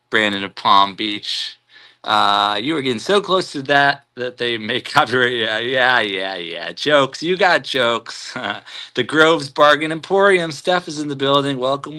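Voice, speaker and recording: Bright-voiced man hosting a live stream. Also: mid-range voice. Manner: laid-back, spiritual musing, chuckles often. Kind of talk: casual live stream chat, reading comments.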